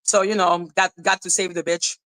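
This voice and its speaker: A woman's voice: fairly low pitch, flat delivery, normal speed, a bit bright, rough recording. A woman hosting a commentary livestream, ranting in a profane, sarcastic and scornful way. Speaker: commentary channel host. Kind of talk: livestream rant.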